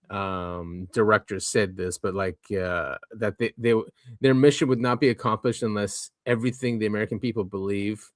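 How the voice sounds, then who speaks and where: A man co-hosting a podcast, chatting casually and halting often, breaking off and restarting his thoughts. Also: fairly low pitch, dry recording, studio quality. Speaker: podcast co-host.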